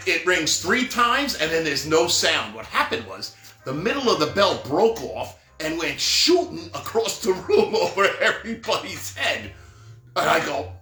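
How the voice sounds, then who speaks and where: A middle-aged man whose voice sits high and has a sharp tone tells rambling stories from his Santa performer years. His casual monologue is full of side comments and fillers like "right?" and "whatever," recorded with roomy echo and faint music behind it.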